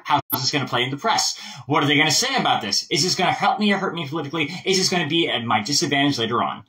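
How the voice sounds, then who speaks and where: A man's voice: fairly high pitch, distant mic, poor audio. A man giving a casual voice lesson, chatty and full of asides. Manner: chatty, animated, explains with lots of asides. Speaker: voice coach.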